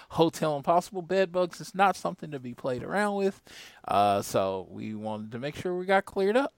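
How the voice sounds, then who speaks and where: A man's voice: mid-range voice, no room sound, studio quality. A man hosting a podcast, talking in a loose, rambling, conversational way. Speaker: podcast host. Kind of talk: casual podcast chat.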